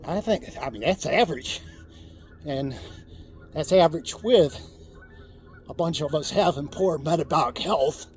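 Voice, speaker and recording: A man's voice: a little high, unhurried, long pauses, slight background noise. An older man chatting casually in his vlog, chuckling often as he rambles from a cold plunge tub outdoors. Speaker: vlogger.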